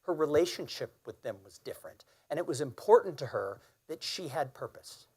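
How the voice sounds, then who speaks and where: A man's voice: fairly high pitch, big pitch swings, brisk, darkish tone, breathy edge. Earnest man giving a keynote. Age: 50s. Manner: earnest personal storytelling, emphatic. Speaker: keynote speaker. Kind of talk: keynote speech.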